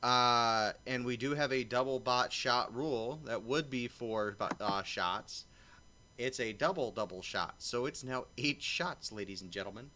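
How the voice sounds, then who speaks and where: A man's voice: mid-range voice, a little slow, sharp tone. A man hosting a drinking-game stream, teasing his co-hosts and reading movie reviews aloud. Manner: laughs often, teasing, exclaims. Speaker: stream host.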